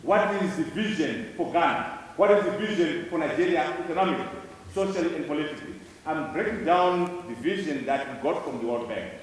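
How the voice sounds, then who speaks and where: A man from Zimbabwe gives an emphatic conference speech to students in a large lecture hall, hammering key words through repetition. His slightly high voice has lively intonation and is a little fast with hardly any pauses. The hall echoes, he is far from the mic, and there is slight background noise.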